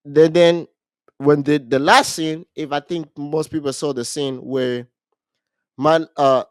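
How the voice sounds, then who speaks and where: A man with a somewhat high voice retells a movie plot on a casual podcast, animated and restarting his sentences often. The sound is dry and close. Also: takes it slowly, smooth, no room sound. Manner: animated storytelling with frequent restarts. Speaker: podcast co-host.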